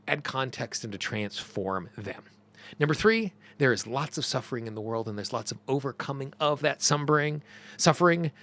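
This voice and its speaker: A man's voice: fairly high pitch, fairly bright tone. A middle-aged man hosting a teaching monologue, earnest and emphatic, repeating phrases for stress. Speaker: host.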